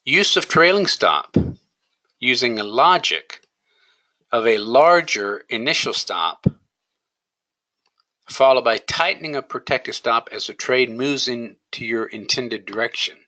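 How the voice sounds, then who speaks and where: A man walks through trading rules with a bright, forceful voice at a middle pitch. He talks in an emphatic, coaching manner and keeps asking his listeners questions. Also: lively intonation, a little slow, long pauses, low-quality recording. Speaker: trading educator. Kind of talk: screen-share trading lesson.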